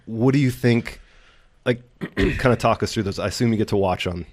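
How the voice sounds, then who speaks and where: A man hosting a podcast in a relaxed, easygoing way. His voice sits low, and he asks loose, conversational questions between short murmured replies. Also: moderate pace. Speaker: podcast host. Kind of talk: casual interview.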